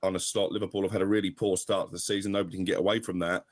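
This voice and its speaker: Low, fast-talking male correspondent. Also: flat delivery, dry recording, clean studio sound. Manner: quick, assured briefing. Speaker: sports correspondent. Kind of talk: radio news analysis.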